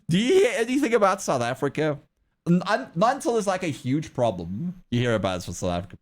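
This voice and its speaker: Young guy streaming, kinda rambly and unsure, voice sits a bit high and jumps around a lot. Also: sing-song, moderate pace. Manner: rambling, hesitant, laughs often. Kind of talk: casual livestream chat.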